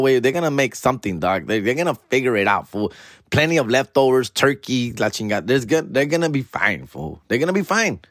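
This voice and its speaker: Slangy dude, dry close mic. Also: male voice, dry recording. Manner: slangy, peppered with "fool" and "dog", switches into Spanish; animated, acts out family members in higher voices. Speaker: podcast host. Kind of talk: casual storytelling monologue. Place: home, alone in the house.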